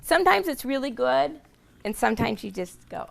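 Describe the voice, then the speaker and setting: A hoarse woman casually demonstrating quilting steps to a small group, chatty and explaining each step as she sews. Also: sits high, big pitch swings, normal speed. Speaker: quilting instructor.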